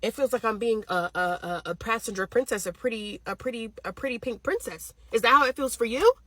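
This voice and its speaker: Fast-talking husky woman ranting. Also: fairly high pitch, bright, forceful tone, no room sound. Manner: blunt, profane, heated storytelling. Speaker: storytime vlogger. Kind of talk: casual storytime rant.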